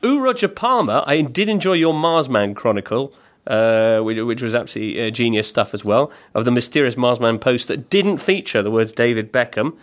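A man's voice: medium pitch, lively intonation, fairly quick. A man hosting a casual football podcast, chatty and self-deprecating as he reads out listener posts. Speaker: podcast host.

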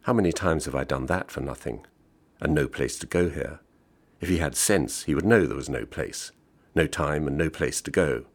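A man's voice: a bass voice, normal speed. A man reading as a prim young waitress. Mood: scornful. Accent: speaks English as a foreign tongue. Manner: polite, formal, refusing. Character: young Swiss woman, station cafe waitress, prim. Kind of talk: audiobook reading.

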